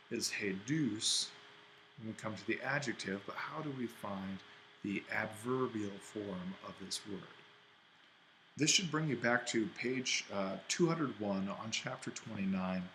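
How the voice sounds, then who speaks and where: A man's voice: fairly low pitch, unhurried, a bit bright, a little hiss or hum, poor audio. A man teaching an ancient Greek exercise, thinking aloud and correcting himself as he writes. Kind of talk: worked-exercise lesson.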